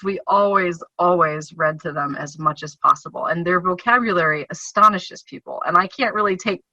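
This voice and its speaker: A woman's voice: fairly low pitch, moderate pace, few pauses, bright, forceful tone, dry recording. A woman talking as a podcast guest about reading with her children, chatty and laughing between her points. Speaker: guest, homeschooling mother. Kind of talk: casual podcast chat. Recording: dull lo-fi podcast audio.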